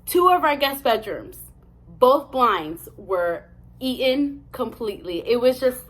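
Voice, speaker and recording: Young woman vlogger doing a storytime, dramatic and chatty, kinda high voice. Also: measured pace. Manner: animated, dramatic retelling with lots of "I'm like". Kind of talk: storytime narration.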